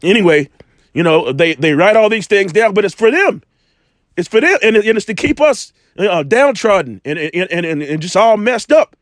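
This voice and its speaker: A man's voice: high-pitched, lively intonation, normal speed, no room sound, clean studio sound. A man with a cold, casually teaching scripture, rambling with many restarts and rhetorical questions. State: has a cold, coughing. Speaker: religious teacher.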